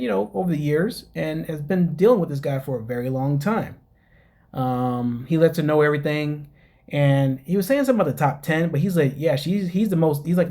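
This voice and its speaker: This fairly high, slightly mellow male voice belongs to a casual podcast host going over a reality show episode. He keeps it chatty, laughs at his own jokes, and talks to listeners as "guys."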